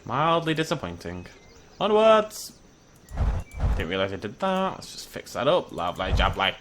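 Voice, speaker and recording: An excitable man narrates his gameplay in a chatty running commentary and chats to the creatures on screen. His pitch swings wildly from low mutters to high squeals. A faint hiss sits under the recording. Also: fairly quick. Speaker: gaming YouTuber. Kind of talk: game commentary.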